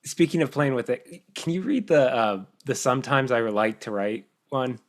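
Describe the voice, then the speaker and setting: A man's voice: mid-range voice, normal speed. A man hosting a podcast, chatting enthusiastically, laughing often and stumbling through restarts. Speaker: podcast host. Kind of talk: casual podcast chat.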